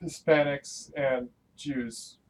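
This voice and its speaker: A man's voice: mid-range voice, steady tone, very slow, rough recording. A young man in a casual political chat, blunt and opinionated, swearing casually. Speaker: co-host. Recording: faint background noise, clicks and typing.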